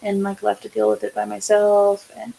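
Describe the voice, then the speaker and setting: A woman's voice: mid-range voice, monotone, normal speed, creaky, mellow, slight background noise, rough recording. A woman co-hosting a casual podcast chat, speaking candidly and swearing freely as she tells stories and acts out quotes. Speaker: podcast co-host.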